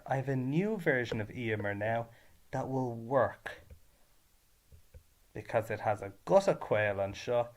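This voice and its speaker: This is a male Irish teacher of medium pitch working through grammar at a slow, careful pace. He shifts back and forth between Irish and English, emphasizing each ending.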